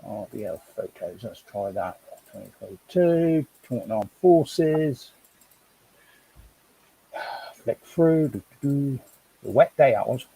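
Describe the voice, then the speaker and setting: A man's voice: mid-range voice, expressive, slow, creaky, pauses often, mellow, slightly rough. A man chatting casually on a live stream, rambling and thinking aloud as he sorts through things at home.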